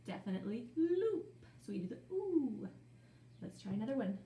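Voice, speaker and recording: A woman's voice: on the high side, big pitch swings, dark tone, reverberant, a little hiss or hum. Playful sing-song woman teaching phonics. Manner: sounds out words slowly, playful and sing-song. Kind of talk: phonics lesson for young children.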